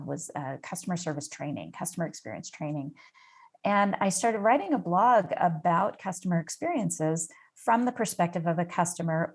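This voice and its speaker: A middle-aged woman from the United States tells a personal story as a podcast guest. Her voice sits a little low, and she talks in an unhurried, reflective way with the odd "um". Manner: warm personal storytelling with fillers. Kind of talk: storytelling in an interview.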